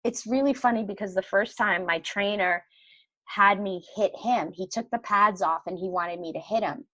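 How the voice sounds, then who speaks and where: A woman in her forties chatting as a podcast guest, telling lively stories and acting out the people in them. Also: medium pitch, moderate pace, no room sound. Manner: animated storyteller, acts out quoted voices. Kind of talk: casual interview chat.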